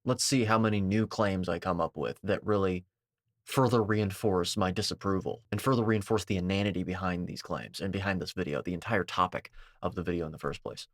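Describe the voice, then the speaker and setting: Combative low-voiced man on a dry mic. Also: fairly quick, no echo. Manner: dismissive, combative, jargon-heavy, swears. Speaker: commentator reacting to a video. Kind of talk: argumentative reaction commentary.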